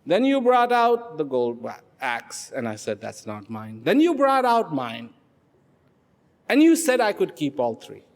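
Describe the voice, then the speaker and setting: A man's voice: a little high, huge pitch swings, unhurried, exaggerated voice. A man voicing a humble, honest woodcutter who explains himself in a plain, pleading way, in a hall with a long echo. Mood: explaining. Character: humble honest male woodcutter, simple and earnest.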